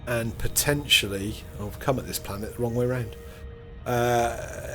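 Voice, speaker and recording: Soft music plays behind a middle-aged man who runs a gaming channel as he rambles through a space game, often laughing at himself. His voice is fairly low but a bit bright, and he speaks at a normal speed.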